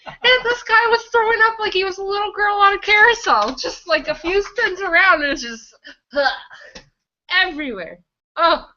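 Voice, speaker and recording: Woman narrating her character in a tabletop game, giggly, higher bright voice, dull audio. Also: animated, normal speed. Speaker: player.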